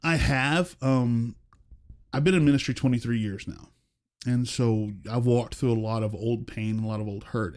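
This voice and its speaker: A man's voice: medium pitch, a little mellow. A man in his forties, a senior pastor, telling personal stories earnestly in a casual conversation and acting out what people said. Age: 40s. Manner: earnest storytelling, acts out quoted voices.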